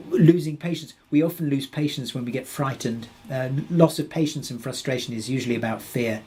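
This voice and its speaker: A husky man hosts a live webinar and works through audience questions. He talks in a halting way, full of restarts and fillers. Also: medium pitch, darkish tone. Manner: hesitant, many restarts and fillers, reads out questions. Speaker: webinar presenter.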